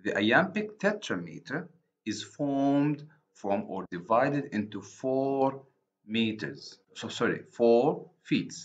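A man with an Arabic accent, a native Arabic speaker, giving a university literature lecture, deliberate and repeating and rephrasing his points. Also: mid-range voice. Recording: dull lo-fi recording.

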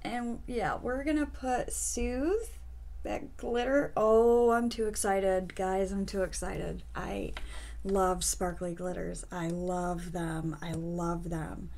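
A woman doing a makeup first-impression vlog, gushing and giddy, often breaking into laughs and hushed gasps. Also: mid-range voice, fairly even intonation, slow pace. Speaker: beauty vlogger.

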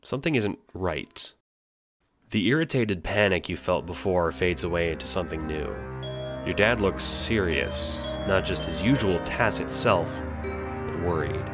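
A man with a very low, deep voice narrates an audio drama in the second person. He moves between hushed dread and panicked outbursts, with music playing clearly underneath. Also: animated, a little slow. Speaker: narrator and voice actor.

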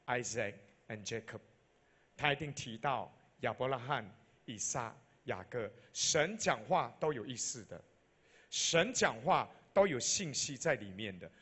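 A man with a Malaysian accent, a pastor preaching a sermon, repeating each point in two languages and building to loud, emphatic peaks. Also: mid-range voice, animated, unhurried, breathy edge. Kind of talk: bilingual sermon.

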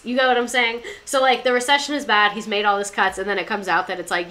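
A woman's voice: medium pitch, fairly even intonation, fast, hardly any pauses, bright, forceful tone. A woman streaming a casual history chat, sarcastic and laughing often, swearing freely.

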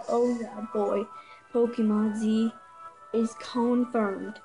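A woman giving casual reaction commentary, excitable, stumbling over names and laughing at herself. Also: a little high, slow pace, soft background music, poor audio. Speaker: video creator.

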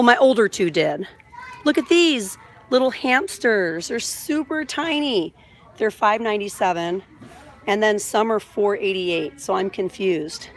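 Bubbly woman live-vlogging while shopping. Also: mid-range voice. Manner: bubbly, gushing and chatty. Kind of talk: live shop-with-me vlog. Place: large indoor store. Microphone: phone on a vlogging mount.

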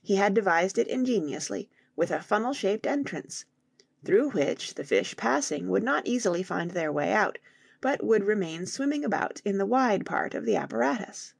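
A woman in scripted audiobook narration, reading in a measured way and voicing the characters. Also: mid-range voice, lively intonation, gravelly, breathy edge, dry recording, studio quality.

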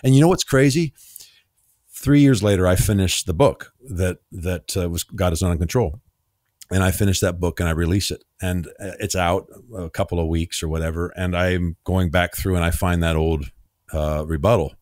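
Low-voiced man, animated storyteller. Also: moderate pace, no echo, clean studio sound. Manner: animated storyteller, acts out quoted dialogue, laughs easily. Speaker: podcast host. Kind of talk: conversational interview storytelling.

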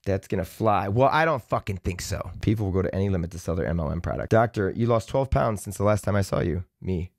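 Gravelly, sarcastic man. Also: sits low, quick pace, hardly any pauses, no echo, clean studio sound. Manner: sardonic, profane, deadpan asides. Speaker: YouTube host reading Reddit posts. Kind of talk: sarcastic comedic commentary.

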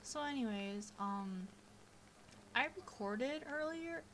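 A woman's voice: on the high side, expressive, takes it slowly, a bit bright, slight background noise. A young woman giving casual, chatty commentary over a video game playthrough, easily distracted and full of fillers, on a home computer microphone. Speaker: gameplay commentator.

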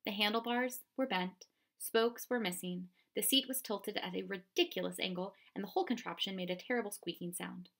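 A woman narrating a children's chapter book in a measured, expressive reading. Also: mid-range voice, gravelly. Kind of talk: storybook narration.

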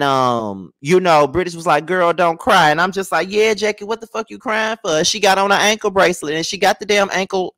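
Guy doing a reality tv recap, sassy and blunt, kinda high voice. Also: dry recording. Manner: sassy, blunt, emphatic, fond of slang. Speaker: reality TV reviewer. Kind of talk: casual recap commentary.

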